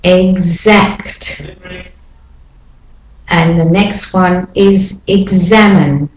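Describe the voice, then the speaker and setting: Woman pronunciation teacher, very slow, careful repetition, lowish voice, echoey room. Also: a little mellow. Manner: slow, deliberate modeling of each word twice. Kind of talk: English pronunciation lesson.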